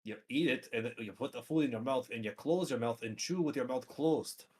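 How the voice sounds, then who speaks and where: A gruff, blunt adventurer with a plain mid-pitched voice, cursing freely and scolding his companions. A man voices him at the gaming table. He speaks at an ordinary pace. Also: fairly quick, darkish tone, natural voice.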